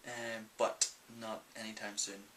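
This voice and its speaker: A man's voice: fairly low pitch, little pitch movement, unhurried, bright, forceful tone, a little hiss or hum, low-quality recording. A young man with a Northern Irish accent, answering viewer questions in a casual, rambling vlog full of ums. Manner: chatty and rambling, many ums. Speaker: vlogger.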